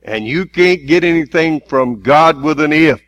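A man preaching a sermon, stressing key words and drawing them out slowly. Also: a little high, expressive, a bit bright, no echo. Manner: emphatic preaching with slow, drawn-out stresses.

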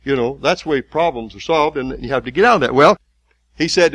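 A man preaching a sermon in a folksy way, building to loud, emphatic, slowly repeated lines. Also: medium pitch, no room sound.

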